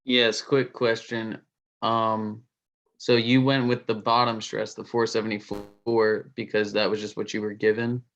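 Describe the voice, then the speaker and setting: A man's voice: on the low side, flat delivery, unhurried, fairly bright tone. A male student asking a lecturer a polite, hesitant question, heard as dull, distant lo-fi audio. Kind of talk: classroom question.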